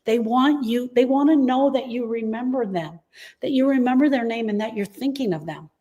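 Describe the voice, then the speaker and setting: A woman's voice: fairly high pitch, normal speed, warm tone, muffled recording. A middle-aged woman who coaches grieving parents, speaking earnestly and emphatically in a live talk and repeating her key phrases to reassure them. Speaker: grief coach and host.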